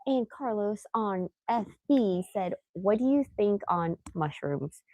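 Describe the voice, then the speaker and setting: A woman's voice: medium pitch, expressive, slow, a little mellow, no room sound, low-quality recording. Woman reading out viewer questions. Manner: reads comments aloud, brief replies. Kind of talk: casual live Q&A.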